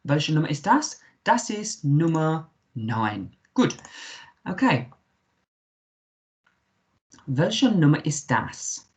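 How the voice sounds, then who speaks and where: A man's voice: fairly high pitch, big pitch swings, slow, long pauses. A man with an English accent, a primary school teacher giving a recorded remote lesson, patiently sounding out words letter by letter.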